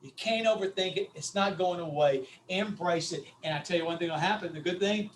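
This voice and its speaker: A middle-aged man with a strikingly high voice coaches an online audience in short, punchy, repeated phrases. He sounds a little distant from the microphone, with a faint hum of the room behind him. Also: a little fast. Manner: emphatic, repetitive punchy delivery. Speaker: guest speaker on public speaking. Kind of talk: animated coaching talk. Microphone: video call.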